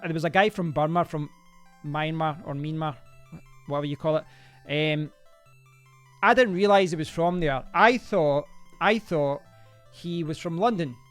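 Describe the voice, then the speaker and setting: Chatty gamer, smooth voice. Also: male voice, a little high. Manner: rambling, chatty, reacts aloud to the game. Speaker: live-streaming gamer. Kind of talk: casual live-stream chat while playing.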